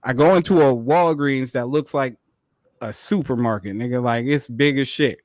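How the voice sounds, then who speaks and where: A man co-hosting a podcast, telling a story in a casual, animated way, full of profanity and quick laughs. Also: mid-range voice, no echo, clean studio sound. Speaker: podcast co-host.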